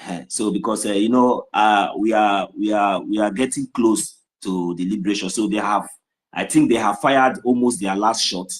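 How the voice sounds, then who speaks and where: A man's voice: on the low side, moderate pace. A Nigerian man hosting an online audio space, chanting in Igbo and then talking in a rambling, casual way. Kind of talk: casual chat.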